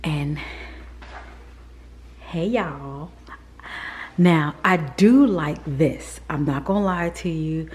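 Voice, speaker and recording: A woman talks casually to her camera while touring a model townhouse. Her voice is low and mellow, often dropping to a hushed whisper. Faint background noise sits under the indoor recording. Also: very slow, long pauses. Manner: chatty and candid, often drops to a whisper. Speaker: vlogger.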